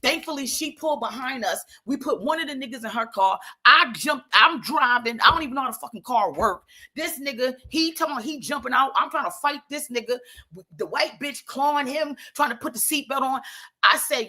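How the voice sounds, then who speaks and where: Woman storyteller, somewhat high, forceful bright tone, swears freely and rambles. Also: normal speed. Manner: animated, profane, rambling with asides. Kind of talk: casual storytelling.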